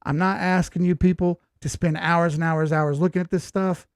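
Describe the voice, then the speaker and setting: A man's voice: a little high, little pitch movement, normal speed, clean tone, dry recording, clean studio sound. A man in his forties hosting a crypto chart analysis show in a folksy, rambling, jokey way. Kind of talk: casual chart analysis talk.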